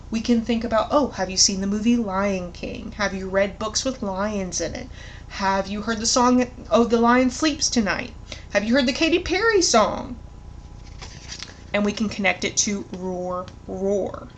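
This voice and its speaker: A woman tutor explaining a literacy lesson in an encouraging way, asking leading questions and modeling words slowly. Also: mid-range voice, slight background noise. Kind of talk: instructional tutorial.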